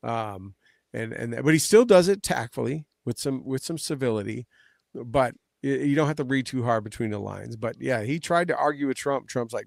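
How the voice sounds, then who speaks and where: A man's voice: medium pitch, lively intonation, moderate pace, gravelly, darkish tone, no room sound, studio quality. A man in casual political chat who rambles, restarts often, and retells scenes in quoted voices. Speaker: panelist.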